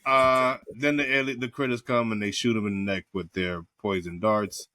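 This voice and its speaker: A man co-hosting a casual movie review podcast, animated and profane, laughing often as he retells scenes. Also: on the low side, moderate pace. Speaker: podcast co-host.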